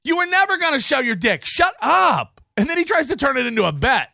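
A man hosting a comedy podcast, ranting in a mocking, profane way and often breaking into shouts. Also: very high-pitched, very animated, fairly quick, vocal fry, no room sound, clean studio sound. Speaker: podcast host.

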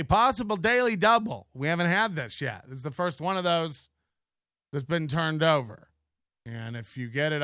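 Casting: male livestream host, high bright voice, profane and mocking, dry close sound. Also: dry recording. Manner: profane, mocking, laughs often. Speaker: live show host. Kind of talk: casual livestream commentary.

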